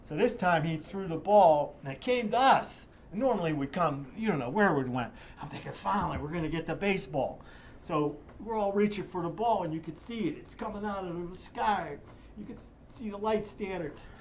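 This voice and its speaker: An older man, a guest in an interview, spins a long, rambling memory with vivid detail and frequent restarts. His voice sits a bit high for a man, and a faint hum of background noise runs under it. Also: animated, normal speed. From Pittsburgh area. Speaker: interview guest, charity executive director. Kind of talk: animated storytelling in an interview.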